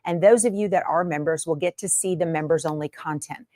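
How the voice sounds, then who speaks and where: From her sewing room, a woman chats to camera on her sewing channel in a homey, chatty manner full of fillers. Her voice is low, mellow and brisk, captured as clean studio sound with no echo.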